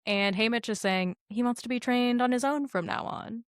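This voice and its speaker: A woman's voice: on the high side, moderate pace, smooth, dry recording, studio quality. A woman co-hosting a casual podcast, talking through a film scene by scene with lots of laughter and acted-out quotes. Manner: animated, laughs often, acts out quotes. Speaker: podcast co-host.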